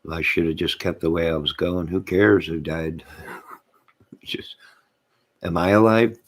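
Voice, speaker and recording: A man's voice: deep voice, fairly even intonation, normal speed. A man hosting his own channel, rambling to his live chat, reading out comments and laughing to himself. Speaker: channel host.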